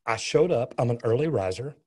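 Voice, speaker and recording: A middle-aged man speaks as an interview guest, recounting events in an earnest, storytelling way. His voice is husky and dark, and he often stumbles into restarts. He comes from the US West Coast. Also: mid-range voice, animated, brisk. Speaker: plumber, guest.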